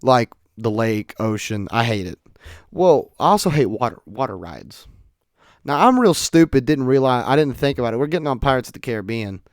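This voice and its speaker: A young man talks through his stories in a casual podcast monologue. He is animated and jumps from loud outbursts to quiet asides. His voice is smooth and the recording is dry. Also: mid-range voice, a little fast, no echo. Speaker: podcast host.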